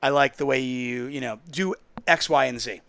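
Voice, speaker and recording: A man's voice: medium pitch, normal speed, a bit bright. A man hosting a casual call-in poker podcast, telling stories in a chatty, rambling way. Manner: chatty, storytelling, self-interrupting. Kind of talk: casual solo call-in show talk.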